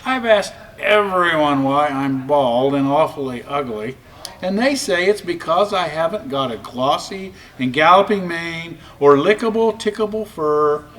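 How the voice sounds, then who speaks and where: Shy sad storybook piglet girl, polite and plaintive, lively pitch, read by a man, slightly distant mic. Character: sad self-conscious young female pig.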